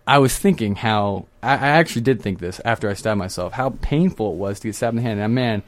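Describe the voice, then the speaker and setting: A young man co-hosts a podcast, chatting casually and laughing often as he tells a story. His voice is fairly low and he talks quickly.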